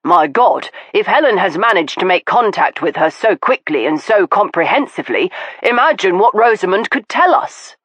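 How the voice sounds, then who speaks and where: A woman's voice: medium pitch, sing-song, normal speed, a bit bright, slightly rough, no room sound, pitched above the performer's own voice. A woman reading the part of a grieving middle-aged nobleman who speaks with impassioned earnestness. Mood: earnest. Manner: impassioned, pleading.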